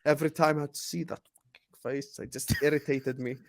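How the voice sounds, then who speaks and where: A man's voice: on the high side, fairly even intonation, fairly quick, creaky. A man ranting passionately about football, swinging into mocking impressions. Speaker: football fan pundit. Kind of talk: heated fan rant.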